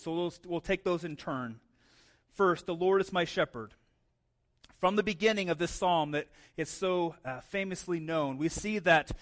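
A man in his thirties preaching a sermon in a conversational way, often adding "right?" and repeating words as he goes. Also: high voice. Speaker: pastor.

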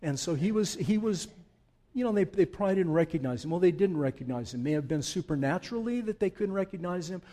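In a church sanctuary, a pastor preaches an unscripted sermon to his congregation, speaking from the heart conversationally before building to fervent emphasis. His high-pitched voice is animated and dark-toned, moving at a quick pace.

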